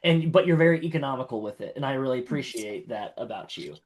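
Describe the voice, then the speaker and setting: A man's voice: mid-range voice, animated, quick pace. A man chatting casually as a tabletop game player, rambling through compliments with lots of fillers and restarts. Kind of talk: casual post-game feedback chat.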